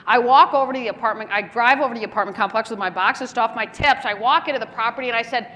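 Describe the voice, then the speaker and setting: A woman giving a keynote speech at a business luncheon, telling lively anecdotes and acting out the dialogue. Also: on the high side, rapid-fire. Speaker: keynote speaker. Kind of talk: keynote storytelling. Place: large luncheon hall. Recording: echoey hall, faint room noise.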